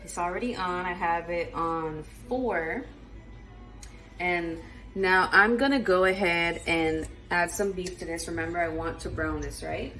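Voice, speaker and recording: Slow-talking woman cooking at home. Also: lowish voice, pushed and bright, faint music behind, low-quality recording. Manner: chatty, talks viewers through each step with approving hums. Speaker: home cook and vlogger. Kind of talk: casual cooking demonstration. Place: home kitchen.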